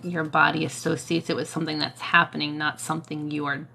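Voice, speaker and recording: A low, gravelly-voiced woman chats casually on a livestream, tired and worn out, with plenty of fillers. Her tone is bright and a little edgy, and a faint noise hums under the recording. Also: little pitch movement, fast. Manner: chatty, many fillers, answers viewer comments. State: tired, coughing. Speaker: Reiki healer, livestream host.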